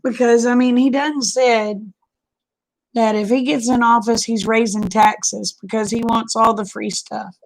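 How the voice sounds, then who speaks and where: A woman's voice: fairly high pitch, steady tone, a little slow, gravelly, rough recording. A woman chatting casually on a live stream, folksy and drawling, greeting viewers by name.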